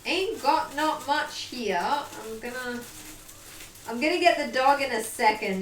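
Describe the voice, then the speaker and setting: A bubbly young woman chats through a casual live stream, her voice sitting a little high. She sounds set back from the mic in an echoey room. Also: unhurried, recorded from a distance, soft background music. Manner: bubbly, chatty, swears casually, baby-talks to her dog.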